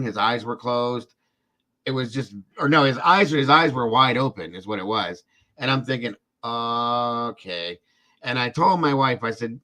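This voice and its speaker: A male livestream host in a loose, chatty storytelling mode. He wanders through the story with fillers and repetitions like "this and that," and talks straight to the people watching. His voice sits at an ordinary middle pitch. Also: a bit bright. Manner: rambling, repeats himself with fillers like "this and that"; speaks directly to viewers in chat. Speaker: host of a live true-crime show.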